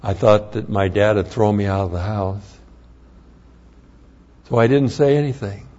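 An older man giving an earnest, plain-spoken personal testimony, with halting restarts as he tells his story. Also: on the low side, dark tone. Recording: dull lo-fi recording.

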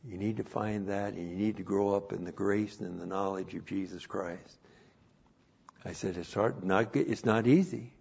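A man preaching a sermon and teaching the Bible as a pastor, repeating phrases and rising loud to stress a point. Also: low-pitched, normal speed, creaky, slightly rough. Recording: dull lo-fi recording.

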